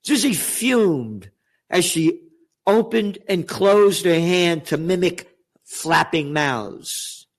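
An older man, an author reading from his book and breaking into profane, shouted rants. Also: high-pitched, expressive, slow pace. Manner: profane ranting with shouted outbursts.

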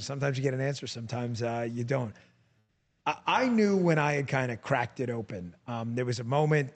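A man hosting a podcast, speaking in a direct, emphatic way and repeating points for effect. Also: medium pitch. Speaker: podcast host. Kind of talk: interview and show sign-off.

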